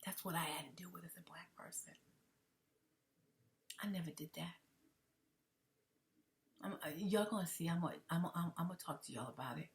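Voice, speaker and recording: A woman's voice: on the low side, normal speed, pauses often. A woman giving an emotional commentary monologue, often dropping to a whisper and repeating herself. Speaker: commentary vlogger.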